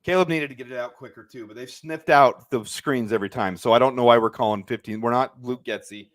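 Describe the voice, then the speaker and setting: With a mid-range voice and a slightly fast pace, a sports watch party host reacts live to the game. He delivers an agitated play-by-play rant and shouts angrily at the referees.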